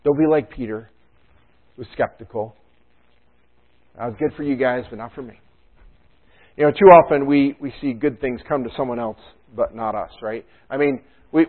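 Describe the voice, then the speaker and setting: A man's voice: mid-range voice, normal speed. A man preaching a conversational sermon as pastor, chatty and joking in his asides. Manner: casual, chatty asides and jokes. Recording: tinny phone-like sound.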